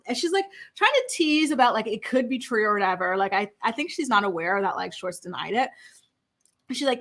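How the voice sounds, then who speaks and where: Young female recap host, sharp-toned and a bit high, dishing sassy gossip with lots of fillers. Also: animated, fairly quick. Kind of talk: casual recap commentary.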